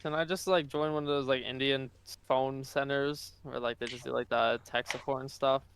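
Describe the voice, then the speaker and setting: A man's voice: medium pitch, little pitch movement, moderate pace, fairly bright tone, slight background noise. A man chatting casually on a podcast, slangy and calling everyone bro. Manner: slangy, drops "bro" a lot. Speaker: podcast co-host.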